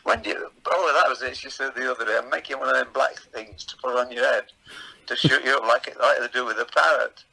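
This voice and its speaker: An older man from England, a veteran comedian, telling rambling anecdotes in a relaxed chatty way. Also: medium pitch, fairly quick, gravelly, husky, rough recording. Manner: chatty, rambling anecdotes with playful voices in quotes.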